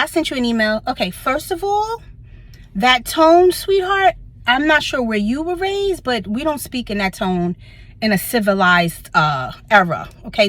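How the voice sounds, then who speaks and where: A woman with a Brooklyn accent telling a workplace story in a casual vlog, sassy and blunt, swearing freely. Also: a little high. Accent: Brooklyn, New York. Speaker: vlogger. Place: car in a parking lot.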